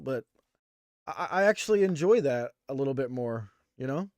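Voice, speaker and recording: A man's voice: mid-range voice, expressive, normal speed, no echo, studio quality. A man co-hosting a casual wrestling review show, speaking in an easygoing way and laughing often. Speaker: co-host.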